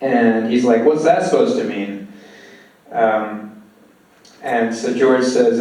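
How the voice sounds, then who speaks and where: A man's voice: medium pitch, mellow, far from the mic. A man giving a film lecture, retelling scenes from a script in a loose, conversational way. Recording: very echoey room, voice off-mic.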